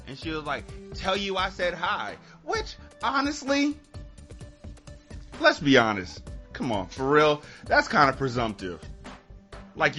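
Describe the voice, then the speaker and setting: A man hosting a podcast, telling a story in casual chat, animated and swearing, laughing between lines. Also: medium pitch. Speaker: podcast host.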